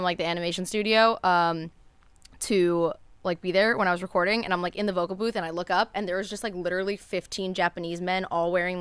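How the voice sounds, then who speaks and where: A young woman chatting as a podcast guest, telling stories in an animated, lively way. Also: lowish voice, clean tone, no room sound. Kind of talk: casual podcast chat.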